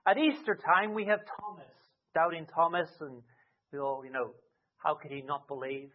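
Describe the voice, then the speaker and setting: A man preaching a sermon expressively, with dramatic rises and soft drops. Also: on the high side, normal speed. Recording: tinny phone-like sound.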